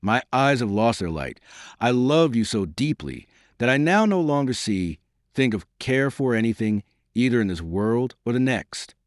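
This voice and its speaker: A man's voice: medium pitch, very animated, normal speed, dry recording, studio quality, voice pushed up, close to an everyday voice. A man voicing a heartbroken young nobleman who speaks with grave, earnest dignity in an audiobook.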